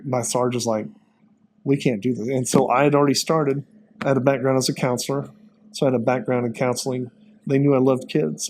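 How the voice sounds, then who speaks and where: Male pastor and ex-cop, 50s, earnest storyteller, halting and emotional. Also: mid-range voice, darkish tone, a little hiss or hum, poor audio. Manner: earnest, self-described crier, halting with many fillers. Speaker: pastor and former police officer.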